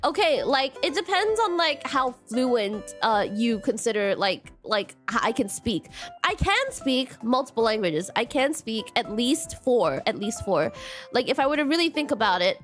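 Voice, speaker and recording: A woman's voice: fairly high pitch, very animated, moderate pace, a bit bright, soft background music. A woman streamer chatting casually with her viewers, rambling with many fillers and restarts and laughing often. English is not her first language. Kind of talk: casual chat with live chat.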